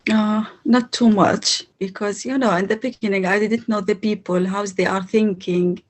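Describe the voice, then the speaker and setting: Interview guest: woman from Syria, halting English full of pauses. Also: mid-range voice, fairly even intonation. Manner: non-native English, halting, with many pauses and fillers. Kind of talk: casual interview.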